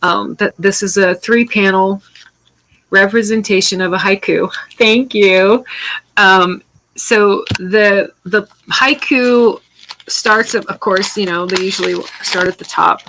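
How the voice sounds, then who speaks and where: A woman's voice: mid-range voice, steady tone, slow, fairly bright tone, a little hiss or hum, rough recording. A middle-aged woman chatting casually while she paints on a live stream, rambling with many restarts and answering viewer comments.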